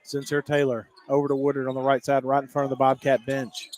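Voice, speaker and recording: A man calling high school basketball play-by-play, rapid and excitable, climbing higher on big plays. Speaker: play-by-play announcer.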